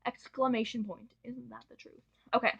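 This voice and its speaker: A woman's voice: a little high, steady tone, normal speed, gravelly, breathy edge. A young woman chatting through a casual book review, gushing and often breaking off to correct herself. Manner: gushing, chatty, self-interrupting. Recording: dull lo-fi home recording.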